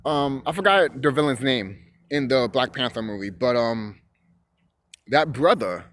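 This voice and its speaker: This young vlogger has a fairly high, slightly bright voice as he chats casually outdoors on a chilly hillside. He wanders from point to point, swears with emphasis and keeps restarting, shivering a bit in the cold.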